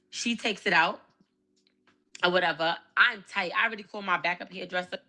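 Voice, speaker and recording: A woman's voice: on the low side, a little fast, pushed and bright. A woman with a Brooklyn accent ranting heatedly about a bad salon visit, with heavy swearing. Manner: heated, profane, livid. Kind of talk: angry storytime rant.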